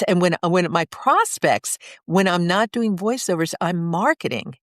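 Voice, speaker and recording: An older woman with a New York accent, telling lively stories as a guest in an interview and acting out the people in them. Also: on the low side, unhurried, no room sound, clean studio sound. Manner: lively storyteller, acts out voices. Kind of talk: storytelling interview.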